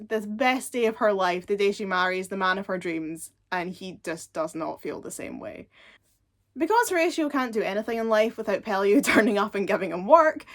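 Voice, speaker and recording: A woman chatting casually as she reviews episodes of a TV show, animated and laughing often. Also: mid-range voice. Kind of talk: casual chat.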